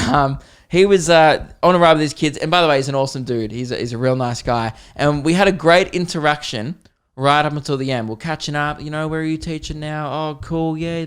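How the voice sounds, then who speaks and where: Animated young man telling a story. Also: on the high side, clean tone. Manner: animated, acts out both sides of the chat. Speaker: comedian podcast host. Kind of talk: storytelling monologue.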